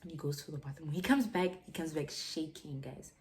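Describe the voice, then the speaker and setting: A young woman with a South African accent tells a gossipy story to her vlog viewers. Her voice sits a little low, and she slips into hushed whispers and mixes English with Setswana. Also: fairly quick, a little hiss or hum. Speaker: YouTuber.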